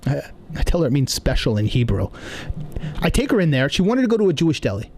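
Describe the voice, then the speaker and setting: A man's voice: fairly high pitch, quick pace. Ranting comic storyteller man. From New York. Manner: animated, indignant ranting. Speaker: comedian podcast host.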